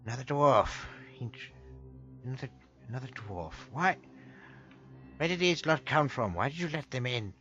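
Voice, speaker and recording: A man's voice: mid-range voice, animated, normal speed, pauses often, fairly bright tone, lo-fi sound, faint music behind, voice pushed up, lightly acted. A man voicing a grumpy, suspicious old male dwarf gatekeeper who fusses and repeats himself. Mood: grumbling. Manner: fussy, complaining, repeats himself.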